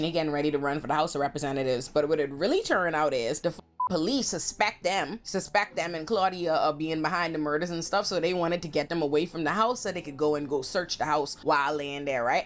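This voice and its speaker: A woman hosting a casual TV episode recap, telling it in an animated, slangy, profane way. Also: low-pitched. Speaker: host.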